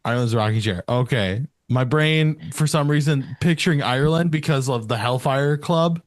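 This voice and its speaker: A young man co-hosting a paranormal podcast, chatting casually and getting sidetracked, quick to poke fun at himself. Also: mid-range voice, dry recording, studio quality. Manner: animated, self-deprecating, easily sidetracked. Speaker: podcast co-host. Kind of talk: casual chat about superstitions.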